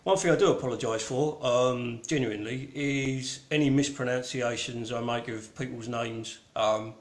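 The host of an online gallery show, a man with a Cockney accent, speaks at normal speed in a mid-range voice, and the sound is roomy. His live-stream chat is casual, rambling, and irreverent, with plenty of ums and some mild swearing.

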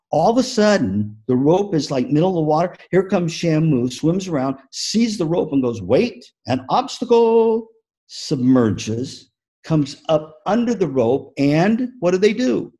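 A man giving a motivational keynote talk on music teaching, an animated storyteller who acts out the story. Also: a little high, unhurried, husky. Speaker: music education speaker.

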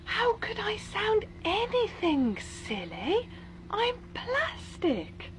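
A small plastic toy, sweet and defensive, as a woman voices it. She speaks slowly and breathily, and her very high voice swoops widely. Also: huge pitch swings, a little hiss or hum, exaggerated voice.

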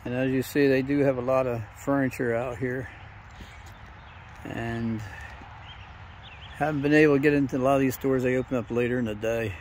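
A man's voice: medium pitch, fairly even intonation, normal speed, pauses often, darkish tone. A man narrating a casual walkthrough, listing prices in a plain, matter-of-fact way on a handheld camera mic. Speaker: camera operator and co-host. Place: outdoors at furniture stores. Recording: outdoor street noise. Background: traffic and outdoor noise.

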